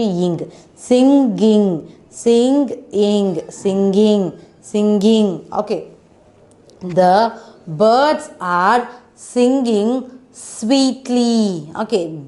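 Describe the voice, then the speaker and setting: Slow, patient woman teaching phonics. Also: fairly low pitch, darkish tone. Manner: slow, patient, spells letters out one by one and asks questions. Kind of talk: online children's phonics lesson.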